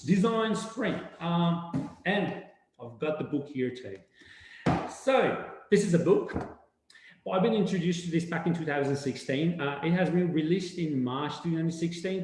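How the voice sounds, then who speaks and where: A man giving a casual webinar talk, animated and rambling, full of fillers and restarts. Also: mid-range voice. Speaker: webinar speaker. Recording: very echoey room.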